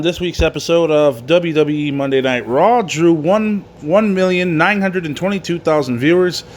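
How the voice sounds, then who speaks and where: A man's voice: fairly high pitch, slight background noise. A man hosting a wrestling show, talking loosely and swearing often, with many ums and restarts. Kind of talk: casual profane podcast monologue.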